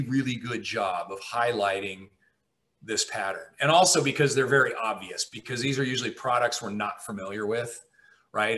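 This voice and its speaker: Bright-voiced man lecturing casually. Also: lowish voice. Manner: conversational, frequent "right?" checks. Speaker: instructor.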